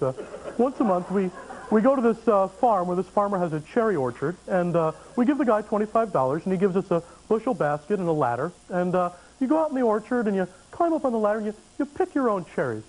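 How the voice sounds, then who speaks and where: A comedian voicing his earnest male friend who gently describes an outing, with hesitant fillers. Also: high voice, a little hiss or hum, low-quality recording. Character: earnest outdoorsy male friend, mild and pleased.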